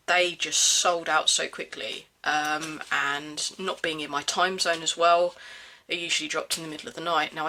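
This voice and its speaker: Casual gear vlogger, bright and a touch hoarse, halting with lots of ums. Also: medium pitch. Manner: hesitant, many ums and restarts. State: slightly hoarse from hay fever. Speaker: everyday-carry gear reviewer. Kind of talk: casual show-and-tell.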